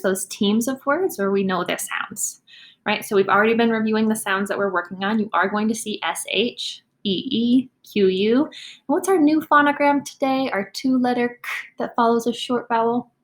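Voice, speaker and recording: A woman teacher, leading a demonstration reading lesson for young students, encouraging and clearly sounding out words. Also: fairly high pitch, moderate pace.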